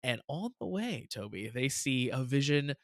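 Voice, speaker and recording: A man's voice: medium pitch, moderate pace, no room sound. Guy co-hosting a reaction podcast, easygoing chatter, dry close mic. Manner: chatty, laughs often, animated retelling. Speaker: podcast co-host. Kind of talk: casual reaction chat.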